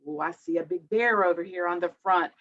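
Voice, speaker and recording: A woman hosting a children's storytime as a librarian, reading a picture book aloud in an animated, sing-song manner and gasping for effect. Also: on the low side, brisk, gravelly. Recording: dull lo-fi audio.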